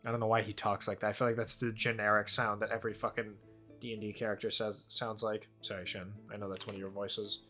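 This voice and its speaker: A man's voice: lowish voice, little pitch movement, fast talker, pushed and bright, faint music behind. A man playing a tabletop game, rambling and joking with swear words in casual chat. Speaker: player.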